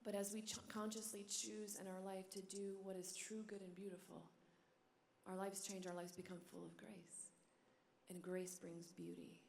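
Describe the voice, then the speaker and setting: A religious sister giving a talk at a conference, telling stories with animated energy and dropping to a hushed whisper at tender moments. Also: female voice, medium pitch, normal speed, gravelly, slight background noise. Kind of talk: sermon. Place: large hall. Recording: echoey hall.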